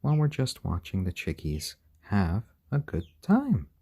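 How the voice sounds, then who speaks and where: A man hosting a casual live stream at home, gently chatting to viewers and talking softly and fondly to his baby chickens. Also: lowish voice, wildly swooping pitch, a little slow, slightly rough.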